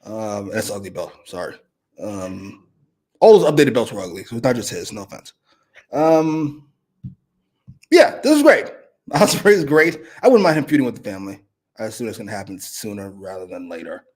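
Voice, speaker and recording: A man's voice: on the low side, lively intonation, brisk, darkish tone. A man co-hosting a casual wrestling review show, blunt and sarcastic, swearing often. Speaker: co-host.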